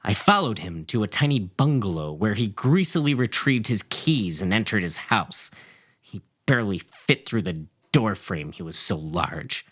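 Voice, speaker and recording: A man reading a dark first-person story aloud in a theatrical way, playing up the narrator's rage. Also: lowish voice. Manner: theatrical, swings into shouting for quoted rage.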